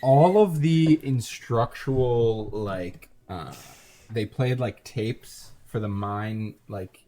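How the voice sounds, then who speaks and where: A man's voice: on the low side, takes it slowly, warm tone, slight background noise. A man playing a tabletop role-playing game in character, rambling and jokey with lots of fillers. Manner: rambling and jokey, full of "like" and restarts. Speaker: player.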